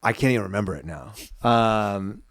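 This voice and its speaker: A man's voice: lowish voice, lively intonation, normal speed, no room sound. A man in his thirties co-hosting a podcast, chatting casually and reflectively with lots of fillers in a small studio. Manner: reflective, soft-spoken, many fillers. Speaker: podcast co-host.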